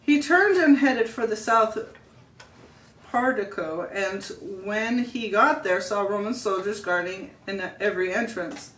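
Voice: medium pitch, a little slow, fairly bright tone, reverberant, distant mic, rough recording. A family member reading a story aloud, with small slips and self-corrections.

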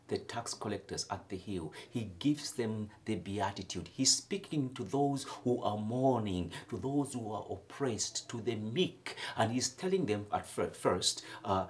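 A man from Africa delivers a homily in a low voice. He speaks slowly, swinging widely in pitch, rising to loud emphatic peaks and sinking to near whispers. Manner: expressive preaching with sudden loud emphatic lifts and soft near-whispered drops. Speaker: priest.

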